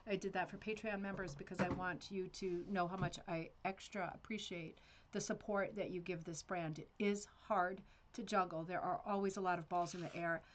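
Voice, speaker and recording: A woman's voice: on the low side, fairly even intonation, normal speed, a little hiss or hum. A woman hosting a rug hooking club livestream, chatting casually and rambling with fillers and laughs.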